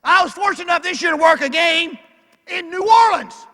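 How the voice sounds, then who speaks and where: An older man with an Arkansas Southern accent delivers a motivational banquet speech in a folksy, emphatic way, hammering his points home. His voice sits very high and sounds sharp and forceful. He speaks into a PA microphone, and his voice rings through a large banquet hall with a long reverb tail. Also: brisk. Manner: emphatic, calling out lines loudly, folksy. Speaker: keynote speaker.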